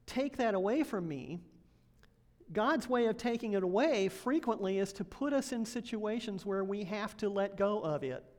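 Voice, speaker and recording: An associate pastor delivers a sermon in church in a relaxed, conversational style. She laughs often and asks the congregation questions. Her voice is medium in pitch with a darkish tone.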